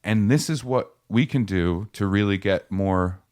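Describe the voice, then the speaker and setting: A man's voice: on the low side, a little slow, darkish tone. A man co-hosting a comedy podcast, joking and riffing in casual banter. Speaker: podcast co-host.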